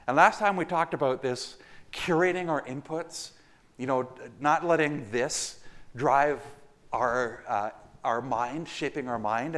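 A man's voice: medium pitch, a bit bright. A male pastor giving a conversational, joking sermon.

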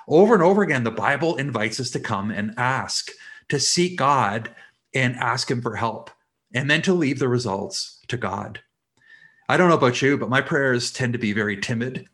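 A man's voice: mid-range voice, fairly bright tone. A man preaching a sermon in an earnest way, explaining scripture with everyday examples. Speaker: pastor.

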